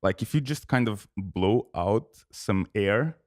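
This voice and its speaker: Man, hesitant and low. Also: expressive, slow, darkish tone, dry recording, studio quality. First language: Portuguese. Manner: hesitant, many restarts. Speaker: podcast co-host. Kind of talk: casual chat.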